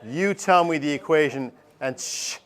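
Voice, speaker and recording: A man teaching a math class, lively and joking as he talks straight to his students in a classroom. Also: fairly high pitch, measured pace. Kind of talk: classroom lesson.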